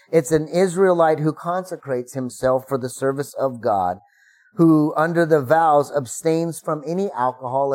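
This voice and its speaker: A man's voice: a little high, a little mellow. A middle-aged man, a pastor, preaching a sermon in a conversational way, acting out the prayers he quotes with rising emphasis.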